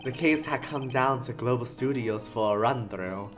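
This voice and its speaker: Brief: streamer voicing a meek, gentle actor, sleepy soft drawl, slow delivery. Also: medium pitch, music in the background, pitched above the performer's own voice, close to an everyday voice. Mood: earnest. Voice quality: soft sleepy drawl, loosely New Yorker. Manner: meek, apologetic. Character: gentle soft-spoken man, shy studio actor.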